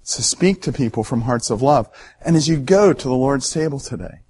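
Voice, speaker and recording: A male pastor giving an earnest sermon, emphatic at times and dropping soft and low for solemn points. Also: animated, moderate pace, husky.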